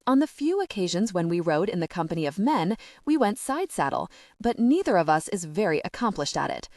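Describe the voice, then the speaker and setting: A woman's voice: lowish voice, very animated, fairly quick, a little mellow, no room sound, studio quality. A woman voicing an earnest, worried younger sister who explains things at length.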